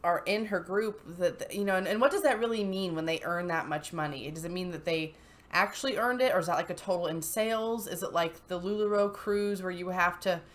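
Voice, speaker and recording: A woman's voice: on the low side, brisk. Chatty, giggly woman commentator. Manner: chatty, giggly, full of fillers. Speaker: channel host. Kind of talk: casual commentary on posts.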